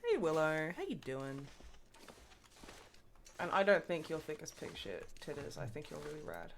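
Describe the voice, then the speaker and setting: A woman's voice: deep voice, big pitch swings, a little hiss or hum. An Australian woman chatting casually and bluntly, with plenty of swearing, while livestreaming a game. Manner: blunt, sweary, quick to laugh. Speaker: streamer.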